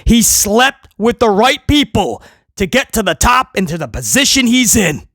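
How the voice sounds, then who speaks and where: A man hosting a wrestling review, ranting sarcastically and swinging between loud mocking outbursts and low muttering. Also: expressive, moderate pace, creaky, no room sound, clean studio sound. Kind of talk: opinionated review rant.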